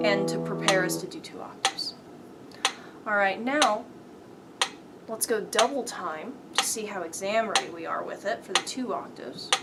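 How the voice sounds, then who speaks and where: A woman's voice: medium pitch, moderate pace, vocal fry. A woman piano teacher giving a step-by-step lesson, counting beats aloud and calling out rhythms. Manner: patient step-by-step instruction. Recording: piano playing loud under the voice.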